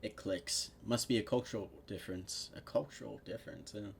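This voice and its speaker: At home, a man reads fan fiction aloud in a lowish voice with vocal fry, talking a little fast over slight background noise. It's a casual read-aloud with commentary, and he breaks off to laugh, swear and mock the text.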